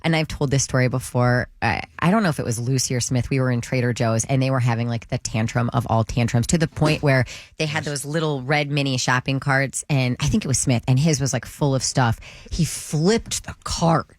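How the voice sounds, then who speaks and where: A woman's voice: a bass voice, brisk, no echo, clean studio sound. A woman co-hosting a radio show, chatting casually and telling stories about her kids. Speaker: radio co-host.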